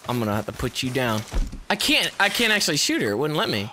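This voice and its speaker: A man giving casual let's-play commentary while playing a video game, excitable, swearing a lot and yelling at the game. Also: fairly high pitch, fast, a little hiss or hum.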